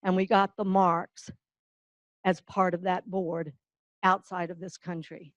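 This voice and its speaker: Older woman, warmly folksy presenter; unhurried delivery, close dry mic, slightly muffled. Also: lowish voice, flat delivery, no echo. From North Carolina-Virginia border, US. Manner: folksy storyteller, slow and emotional. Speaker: award presenter. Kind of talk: heartfelt tribute speech.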